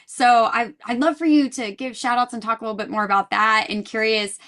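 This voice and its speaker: A woman's voice: fairly high pitch, steady tone, a little fast, a bit bright. A woman hosting a podcast interview, asking curious, friendly questions. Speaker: podcast host. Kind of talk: casual interview chat.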